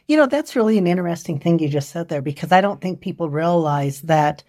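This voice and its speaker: A woman hosts an interview, chatty and anecdotal, with a lowish voice. She drifts into personal stories and casual asides as she talks. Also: lively intonation, fairly quick, darkish tone. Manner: chatty, storytelling, conversational asides. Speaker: interview host.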